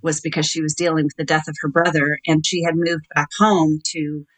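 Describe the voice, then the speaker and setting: A middle-aged woman telling her own story in an interview, measured and hesitant, acting out the dialogue she recalls. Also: deep voice, level tone, rough recording. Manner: measured, recounting with quoted dialogue and hesitant fillers. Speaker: interview guest.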